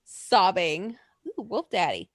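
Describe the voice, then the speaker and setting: A woman co-hosting a casual podcast chat, excitable and swearing freely, laughing often. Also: medium pitch, slow pace, dry recording, studio quality. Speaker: podcast co-host.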